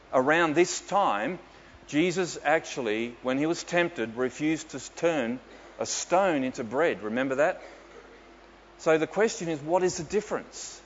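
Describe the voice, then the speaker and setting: A man's voice: on the high side, animated, unhurried. A man, a pastor telling stories with dry humour in a sermon. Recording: dull echoey hall with faint ambience.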